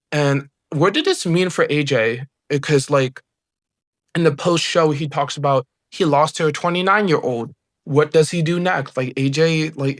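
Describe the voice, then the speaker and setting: A man giving an excited, rambling recap of a wrestling event, filling it with "like" as he goes. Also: mid-range voice. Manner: excited, rambling play-by-play with many "like"s. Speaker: wrestling reviewer. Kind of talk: casual recap.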